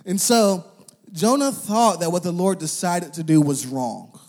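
A man's voice: high voice, measured pace. Casual young male preacher. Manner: conversational, uses slang and filler words; animated, acts out quoted voices. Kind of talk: casual sermon.

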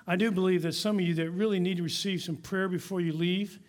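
Earnest high-voiced pastor preaching. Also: male voice, fairly even intonation, fast. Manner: earnest, exhorting. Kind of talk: sermon. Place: church sanctuary.

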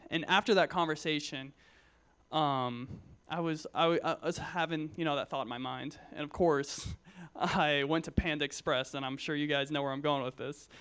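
A man's voice: a little high, fairly even intonation, normal speed, fairly bright tone, clear, resonant tone. A young man in his twenties giving a casual, joking sermon to young believers, full of personal stories, fillers and restarts. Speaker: Christian speaker at a youth gathering.

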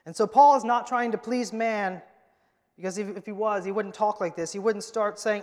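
Man, pastor, emphatic sermon, high voice, echoing church hall. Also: fairly even intonation, moderate pace. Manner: emphatic preaching, swings from loud to hushed. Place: church sanctuary. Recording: long hall reverb.

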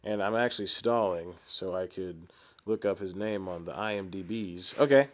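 A man's voice: low-pitched, normal speed. Rambling young man on a solo podcast. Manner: rambling and self-deprecating, laughs often; chatty, frequent restarts and asides. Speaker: podcast host.

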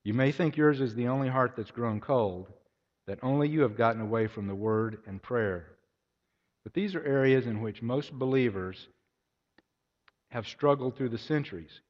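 A man's voice: mid-range voice, normal speed. A man preaching a sermon, telling anecdotes and acting out their voices. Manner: storytelling, acts out voices in anecdotes. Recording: echoey hall, dull lo-fi sound.

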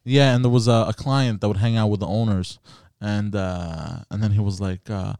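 A man's voice: fairly low pitch, fairly quick, a little mellow, dry recording, studio quality. A young man hosting a podcast, chatting casually and telling stories with slang and laughter. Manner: laughing, storytelling with bro slang. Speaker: podcast host. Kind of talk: casual chat.

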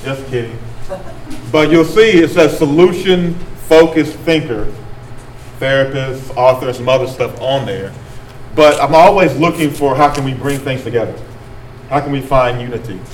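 A man's voice: mid-range voice, moderate pace, roomy sound, far from the mic, a little hiss or hum, poor audio. A man from rural North Carolina leading a group workshop, talking casually and reflecting back what the audience says. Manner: conversational, repeats and reflects back answers. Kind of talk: talk with audience discussion. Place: meeting room with audience.

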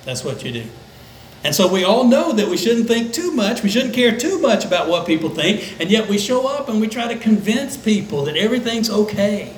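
An older man, a pastor, preaching a conversational sermon that dips into soft, low tones for emphasis. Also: very animated, a little fast, roomy sound, a little hiss or hum, poor audio. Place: church sanctuary.

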